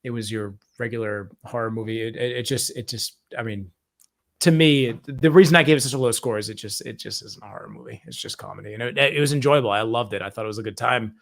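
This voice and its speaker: A man talks through a horror movie in loose, animated podcast chat. His voice sits mid-range and carries easily. He swears often and slips into silly put-on voices. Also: mid-range voice, fast, creaky. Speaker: podcast co-host. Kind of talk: casual movie review chat.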